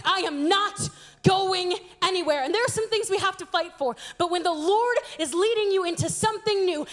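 Young woman in her twenties, very high voice, animated sermon, acts out quoted voices. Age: 20s.

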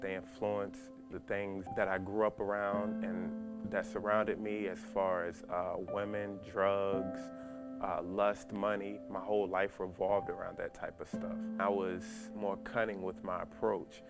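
A church member from Virginia giving a reflective, unhurried personal testimony with many fillers. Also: male voice, deep voice. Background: guitar music.

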